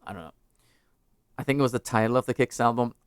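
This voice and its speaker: A man's voice: mid-range voice, quick pace, clean tone, no room sound, clean studio sound. A man hosting a live music stream, chatting casually with viewers, rambling and joking as he interrupts himself. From United States.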